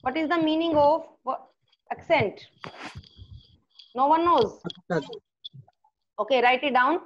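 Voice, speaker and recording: A woman teacher with an Indian accent who repeats each question, explains slowly and slips into Hindi. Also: high voice, muffled recording, slight background noise. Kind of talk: online class lesson.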